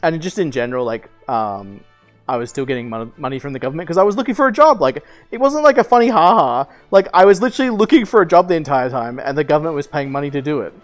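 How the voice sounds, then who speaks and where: A man's voice: on the high side, lively intonation, fast, soft background music. A young man in his twenties streaming, telling a long personal story in casual chat, rambling with fillers, restarts and casual swearing.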